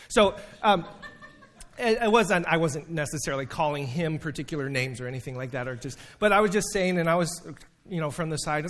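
A man preaching a sermon in a fairly high voice. He tells stories with humor, shifting between slow emphatic phrases and quick asides. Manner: animated storytelling with humor and emphatic pauses. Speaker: preacher and teacher.

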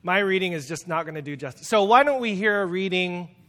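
A male pastor preaches a casual, animated sermon and jokes about the passage. His voice is high and bright. A long hall reverb trails behind his words. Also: a little fast. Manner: animated and jokey, laughs at the text.

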